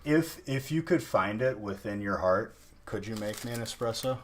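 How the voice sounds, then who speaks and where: A man's voice: lowish voice, expressive, normal speed. A man casually chatting on a live stream while opening card packs, teasing and thanking viewers.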